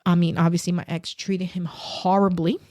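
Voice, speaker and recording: A woman guest on a podcast, telling a personal story in an earnest, halting way with many restarts. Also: fairly low pitch, level tone, a little mellow.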